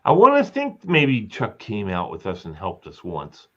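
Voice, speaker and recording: A man's voice: on the low side, wildly swooping pitch, unhurried. A man hosting a casual live chat, telling rambling stories and acting out quotes. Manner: rambling storyteller, chatty, acts out quotes. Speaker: host. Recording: slightly dull lo-fi sound.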